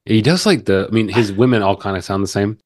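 A man co-hosting a podcast, talking casually about a book in halting, rambling sentences. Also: lowish voice, lively intonation, dry recording, studio quality. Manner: rambling, halting, many restarts. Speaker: podcast co-host. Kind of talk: casual book review chat.

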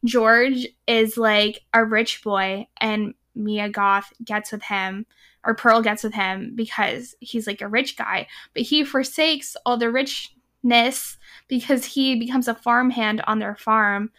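A woman's voice: fairly high pitch, fairly even intonation, slow pace, pushed and bright. A woman in her twenties chatting casually about a film, frank and full of fillers. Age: 20s. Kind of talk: casual film-review chat.

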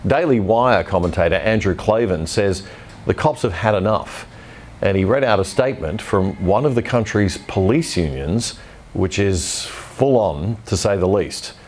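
A man's voice: fairly low pitch, expressive, unhurried, darkish tone, a little hiss or hum. A man hosting a news commentary show, delivering opinionated scripted commentary in a blunt manner.

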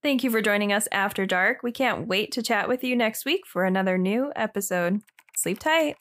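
A woman's voice: mid-range voice, moderate pace, a bit bright. A woman co-hosting a casual podcast, playful and sympathetic as she reacts to her co-host's story. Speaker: podcast co-host. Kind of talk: casual chat.

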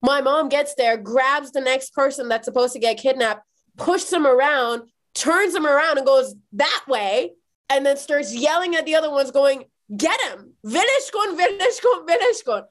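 A woman from Iran in her thirties, a podcast guest telling personal stories in a lively, quick way with many "like" fillers. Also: sits high. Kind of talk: animated personal storytelling in a podcast interview.

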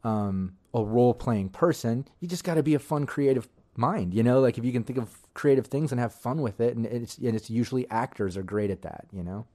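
A man's voice: mid-range voice, a little fast, few pauses, dark tone. A man co-hosting a tabletop game podcast in casual chat, enthusiastic and rambling. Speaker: podcast co-host and game master.

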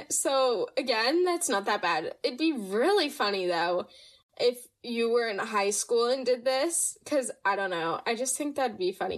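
Podcast host, woman, slightly high voice, unhurried, dramatic casual storytime chat. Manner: chatty, dramatic, laughs often.

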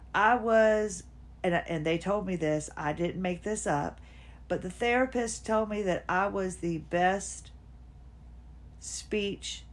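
A woman in her fifties hosts a casual personal monologue from home. She rambles from one thought to the next and sometimes talks to herself. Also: on the low side. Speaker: podcast host. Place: at home, seated.

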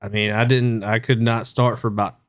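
A man's voice: fairly low pitch, little pitch movement, brisk, no echo. A man hosting a casual podcast from his living room sofa, teasing his friends with joking banter. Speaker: podcast host. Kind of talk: casual chat.

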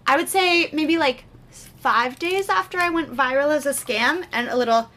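High bright-voiced woman podcaster. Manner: animated, swearing, quick asides. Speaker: podcast host. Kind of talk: casual storytelling chat.

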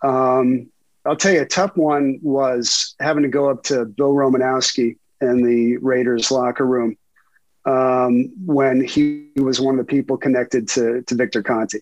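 Middle-aged male reporter guest; animated, laugh-prone storyteller with a mid pitch, dry and close. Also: measured pace, no echo, rough recording. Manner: animated storyteller, laughs often, many fillers. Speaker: investigative sports reporter, guest. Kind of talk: casual interview storytelling.

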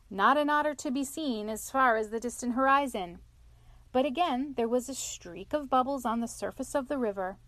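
A woman's voice: high voice, no echo. Woman reading a storybook aloud. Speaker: narrator.

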